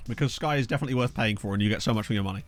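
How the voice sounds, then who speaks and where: A young man with a lowish voice talks very fast while streaming a football management game. He casually thinks aloud and thanks his viewers over a desk USB microphone, with soft music in the background.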